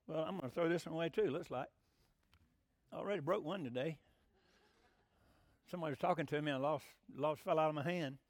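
A man's voice: a little high, fairly quick, long pauses, no echo. A middle-aged man, a pastor teaching a Bible lesson in an emphatic sermon style and asking the congregation questions.

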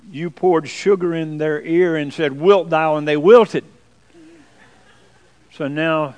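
A man's voice: on the high side, low-quality recording. A man, a pastor giving a folksy, joking sermon to his congregation in church. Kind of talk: sermon with jokes.

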